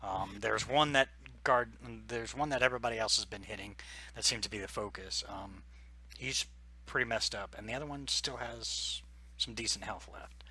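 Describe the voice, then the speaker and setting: A man running a tabletop game as game master, relaxed, with ums and soft muttered asides. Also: fairly low pitch, moderate pace, slightly rough.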